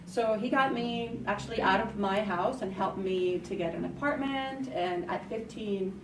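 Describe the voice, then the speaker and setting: A woman from New York City sits on a college panel and tells her story candidly and earnestly. She is heard from a distance in an echoey room. Clear background noise runs underneath. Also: mid-range voice, a little slow. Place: college hall.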